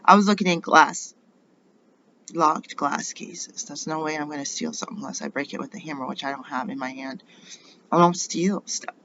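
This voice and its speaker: A woman's voice: sits low, moderate pace, fairly bright tone. Middle-aged American woman, rambling and indignant monologue, muffled recording with light hiss. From United States. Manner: indignant, rambling, rhetorical questions. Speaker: vlogger.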